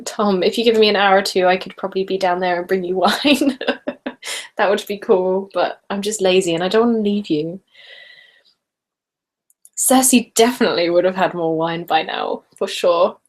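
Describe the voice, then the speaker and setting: A chatty woman, hosting a relaxed live chat for her viewers. She reads out their comments one by one and answers each, breaking into giggles as she goes. Her voice sits at an ordinary middle pitch. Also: moderate pace. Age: late 20s. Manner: chatty and giggly, often laughing mid-sentence. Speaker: ASMR channel host.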